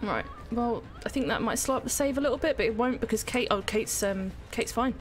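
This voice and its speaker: A woman giving excitable, sweary, self-mocking commentary on her own gameplay as a streamer. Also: on the high side, a little fast, a little hiss or hum. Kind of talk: live gaming commentary.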